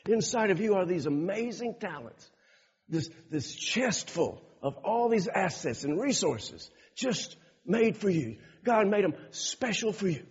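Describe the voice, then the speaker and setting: Husky preaching man in an echoey hall. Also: high voice, big pitch swings, measured pace. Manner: emphatic preaching with repetitions and rising intensity. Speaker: pastor. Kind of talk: sermon. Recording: dull, echoey hall recording.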